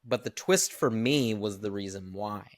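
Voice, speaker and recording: A man co-hosting a podcast, recapping a film in animated casual chat and swearing freely. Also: lowish voice, normal speed, dry recording. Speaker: podcast co-host.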